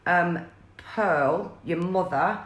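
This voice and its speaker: A woman's voice: lowish voice, drawn-out words, roomy sound. A woman, chatting on a live stream as a psychic medium and passing on messages with many fillers and restarts.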